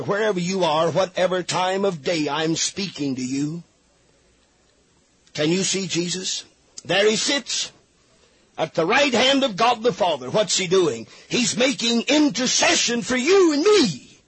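A man preaching a fiery radio sermon, pleading and rising to shouts. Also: sits high, husky.

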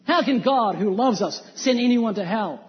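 High-voiced man preaching in reverberant hall. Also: expressive, normal speed. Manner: emphatic, with rhetorical questions. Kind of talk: evangelistic sermon. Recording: dull lo-fi sound with long hall reverb.

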